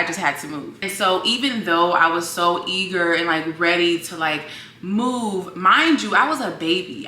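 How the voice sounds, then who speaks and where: She's a young adult vlogger from Virginia, emotionally and chattily recounting a personal story to camera while calling viewers girl and y'all. The voice is fairly low, bright, and forceful, in an echoey room with slight background noise.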